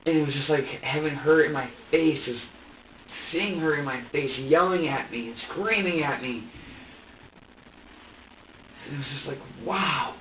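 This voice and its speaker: A man being questioned by police, talking haltingly with many repeats, his voice often sinking low. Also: distant mic. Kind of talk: recorded police interview. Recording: dull echoey room recording from afar, faint hiss.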